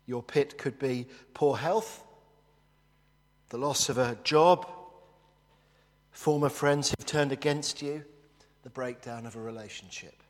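Earnest preacher in a reverberant church. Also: male voice, mid-range voice, slow, long pauses. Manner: earnest, storytelling, hushed in prayer. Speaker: pastor. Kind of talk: sermon.

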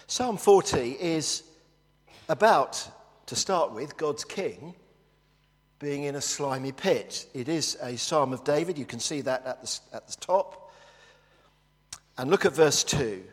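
Earnest preacher in a reverberant church. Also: male voice, a little high, expressive, slow, long pauses. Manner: earnest, storytelling, hushed in prayer. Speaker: pastor. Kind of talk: sermon.

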